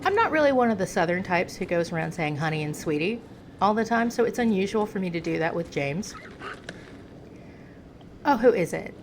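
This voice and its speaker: A woman's voice: lowish voice, lively intonation, normal speed, pauses often, a little hiss or hum. An American woman giving chatty gameplay commentary, talking to the game's hero the way she talks to a pet. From United States. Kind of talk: casual game commentary.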